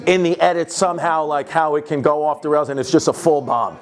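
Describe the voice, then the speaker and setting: Animated New York comedian, laughing storyteller. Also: male voice, fairly high pitch, a little fast. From Queens, New York. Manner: animated, laughing through his own story. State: sweaty, winded after a set. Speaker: stand-up comedian. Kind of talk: stand-up storytelling, then backstage chat.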